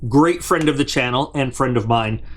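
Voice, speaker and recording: A man's voice: mid-range voice, moderate pace, fairly bright tone. A man hosting a casual unboxing review, rambling and chatty, with plenty of restarts and side remarks, talking straight to his viewers. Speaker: product reviewer and channel host.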